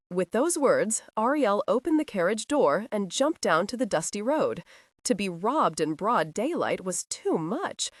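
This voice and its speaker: A woman narrating a historical romance audiobook in an expressive storytelling manner. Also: medium pitch, unhurried, no room sound, studio quality. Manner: expressive, voices each character.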